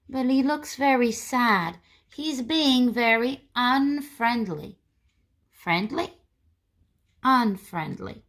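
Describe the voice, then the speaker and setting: A woman teaching a phonics lesson to young children, speaking slowly and clearly and repeating words. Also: on the high side, animated, a bit bright.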